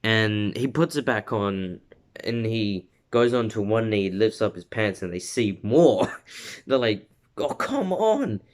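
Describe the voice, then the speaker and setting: Man, fairly low voice, casual storytelling, rambling, stumbling, laughing. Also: takes it slowly. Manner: rambling with fillers and laughs, acts out quotes. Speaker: fan fiction storyteller. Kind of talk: casual spoken story retelling.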